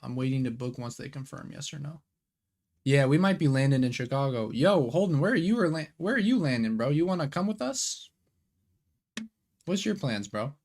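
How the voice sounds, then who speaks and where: A man's voice: medium pitch, lively intonation, moderate pace, darkish tone. A young man hosting a live card game watch party, chatting casually in slang and answering viewer questions aloud. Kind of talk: casual live-stream chat.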